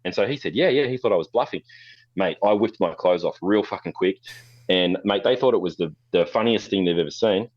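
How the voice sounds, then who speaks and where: A deep-voiced Australian man tells his stories at a fast clip, blunt and animated, with curse words thrown in freely. The recording is dry and slightly dull, with no room sound around him. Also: dry recording. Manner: blunt, swearing, animated storyteller. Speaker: photographer guest. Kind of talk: casual storytelling interview.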